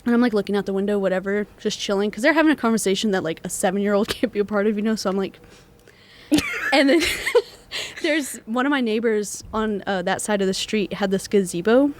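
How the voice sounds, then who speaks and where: A woman's voice: medium pitch, a little fast. A young woman, co-hosting a student podcast and telling a ghost story in casual chat, full of fillers. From Texas. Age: young adult. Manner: animated storyteller, many fillers, acts out quoted voices.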